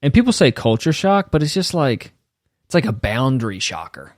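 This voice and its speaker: A man in his thirties hosts a podcast in a laid-back, casual chat, often saying "man" and "dude" and laughing. His mid-range voice swings widely in pitch at a moderate pace, recorded in a clean studio with no room sound.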